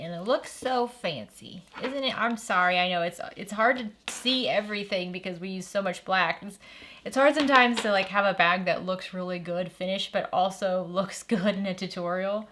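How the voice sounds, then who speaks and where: A woman's voice: mid-range voice, fairly bright tone, a little hiss or hum. A woman hosting a sewing tutorial, walking through each step in a friendly, practical way and stopping now and then to correct herself.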